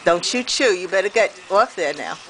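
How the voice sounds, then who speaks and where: A woman's voice: fairly low pitch, animated, normal speed. A middle-aged woman chatting to her pet birds in a sing-song voice, filming on a porch in the rain. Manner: sing-song baby talk to birds, with frequent laughs. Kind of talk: casual talk to pets. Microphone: handheld camera. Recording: noisy outdoor camera audio. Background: rain and bird sounds.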